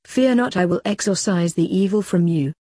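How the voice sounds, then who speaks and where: A woman voicing a female stage medium, speaking in slow, grave pronouncements. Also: fairly low pitch, warm tone, no room sound, studio quality, close to an everyday voice. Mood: solemn.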